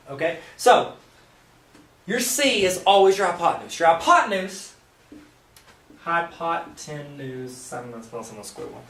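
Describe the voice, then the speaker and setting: At a whiteboard, a male math teacher works through a lesson, explaining each step plainly while tossing playful jokes to the viewer. His fairly high voice leaps lively up and down. The room sound is noticeable, as he's far from the mic.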